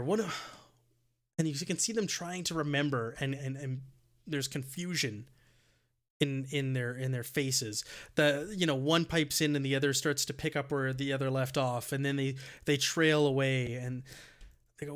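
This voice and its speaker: Man running a tabletop game, halting. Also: mid-range voice, fairly even intonation. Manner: halting, repeats words while describing. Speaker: dungeon master.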